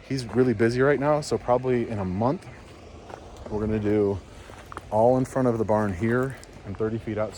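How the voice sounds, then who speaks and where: Rambling homestead vlogger outdoors. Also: male voice, lowish voice, darkish tone, a little hiss or hum. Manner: rambling, easygoing, explaining as he goes. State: out of breath. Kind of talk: casual vlog walkthrough. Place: outdoors at a barn and driveway. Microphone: action camera.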